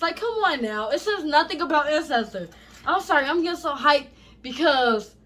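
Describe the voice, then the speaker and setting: A high-pitched woman reads spiritual text aloud and keeps interrupting herself with blunt, profane asides. Her delivery is animated and emphatic, and she often laughs and apologizes over her own stumbles. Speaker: vlogger reading scripture. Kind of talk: casual reading and commentary.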